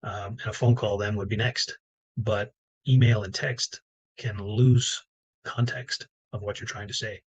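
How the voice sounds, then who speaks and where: Husky low-voiced man coaching. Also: measured pace, lo-fi sound. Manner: relaxed, conversational with fillers. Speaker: business coach. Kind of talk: instructional talk to camera.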